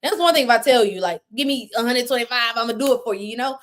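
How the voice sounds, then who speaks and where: A woman guest on a live talk show, telling a story from her home office in a casual, animated way and acting out the voices of people she quotes. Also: fairly high pitch, quick pace.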